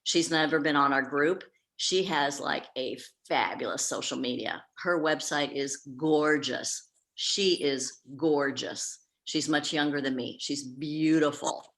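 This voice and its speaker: Chatty low-voiced woman telling a story. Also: unhurried, a bit bright. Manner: chatty, candid storytelling with many fillers. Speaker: professional organizer. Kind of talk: casual group meeting talk.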